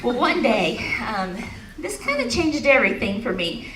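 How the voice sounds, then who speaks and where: Speaking at a moderate pace with a fairly high, sing-song voice, a middle-aged woman delivers a motivational talk in a large expo hall. She laughs through a personal story and then has the audience repeat affirmations. Background noise is present, and the echoey hall is captured from afar.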